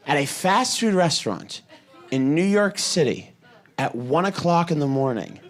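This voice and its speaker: A man from the Boston area performing a stand-up comedy set, telling stories quickly and animatedly, with bursts of shouting. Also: a little high, lively intonation, a faint crowd. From Boston area, USA.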